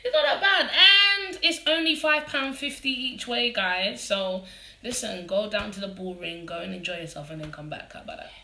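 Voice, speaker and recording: A woman's voice: mid-range voice, moderate pace, creaky, bright, forceful tone, roomy sound, slight background noise. A woman with a London accent hosting a casual live interview, chatty and bubbly. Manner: chatty and bubbly, laughs often. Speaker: host. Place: living room.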